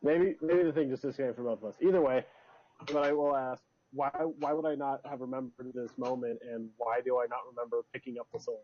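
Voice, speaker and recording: A man's voice: mid-range voice, fairly even intonation, fast talker. A man playing his character in a tabletop game, joking and often restarting his sentences. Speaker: player. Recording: dull lo-fi sound.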